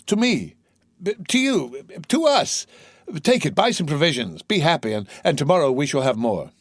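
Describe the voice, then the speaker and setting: A man voices an earnest, emotional young sailor who is a devoted son, pitching his voice above his own natural one. The delivery is a little high, very animated and moderately paced, on a dry, studio-quality recording.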